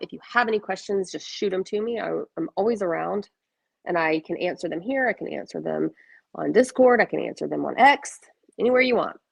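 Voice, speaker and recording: Brief: young Southern woman streamer, low-ish voice, vocal fry, chatty and self-deprecating, dry close mic. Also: dry recording. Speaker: host of a stock trading voice stream. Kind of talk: casual chat.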